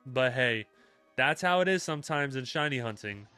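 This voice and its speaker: A young man chatting casually with his live-stream chat, relaxed and talkative, with many fillers. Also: mid-range voice, normal speed, clean tone, soft background music.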